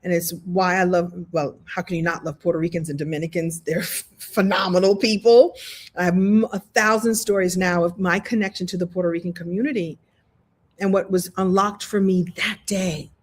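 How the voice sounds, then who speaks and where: A woman's voice: fairly low pitch, fairly even intonation, normal speed, husky. A woman hosting an online coaching workshop, telling stories with lots of animation, acting out voices and laughing often. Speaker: host of a coaching challenge. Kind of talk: live online workshop talk, storytelling. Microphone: video call.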